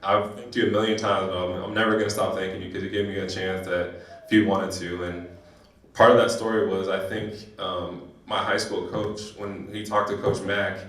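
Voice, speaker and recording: A young man from San Diego giving an emotional personal speech at a banquet, telling his story in halting bursts with restarts. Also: low-pitched, level tone, a bit bright. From San Diego, California. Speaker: guest speaker. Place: banquet hall. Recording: echoey hall, voice from a distance.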